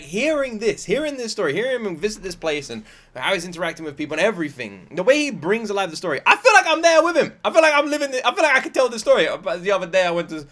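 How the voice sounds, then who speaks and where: A man's voice: sits high, a bit bright. A man from Britain reacting casually to a comedy clip, rambling with lots of fillers. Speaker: reaction video host.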